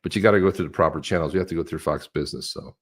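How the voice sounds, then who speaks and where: A middle-aged man co-hosting a casual livestream chat, telling stories with lively impressions of other people. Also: extremely low pitch, racing. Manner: animated storyteller, mimics others with a raised voice. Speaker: co-host of a crypto livestream.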